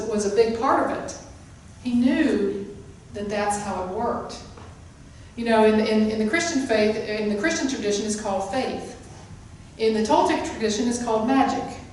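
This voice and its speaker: A woman's voice: fairly high pitch, a little hiss or hum. A woman giving a sermon-style spiritual talk, emphatic and repeating her key phrases. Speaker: spiritual teacher. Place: hall of a spiritual center. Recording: echoey room, mic at a distance.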